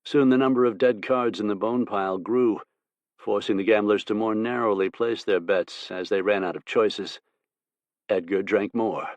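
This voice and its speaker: Guy narrating a western audiobook, steady and even, deep-ish voice. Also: normal speed, dry recording.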